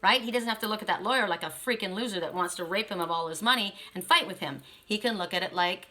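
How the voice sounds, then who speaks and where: A woman's voice: medium pitch, fast, bright, forceful tone. A woman doing a casual spiritual card reading, chatty and emphatic, often checking in with "right?". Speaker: tarot card reader.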